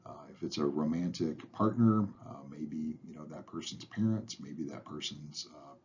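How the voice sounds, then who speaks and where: A man narrating lecture slides in a relaxed way, filling pauses with "uh" and letting phrase ends trail off softly. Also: very deep voice, a little hiss or hum. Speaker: instructor. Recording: dull lo-fi recording.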